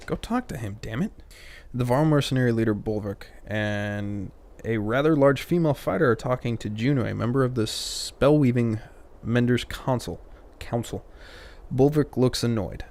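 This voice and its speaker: A man's voice: medium pitch, normal speed, darkish tone. A man playing through a story game, reading the dialogue aloud and cutting in with crude, joking asides. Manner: reads game dialogue, breaks off with crude jokes and muttered asides. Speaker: let's play host reading game text.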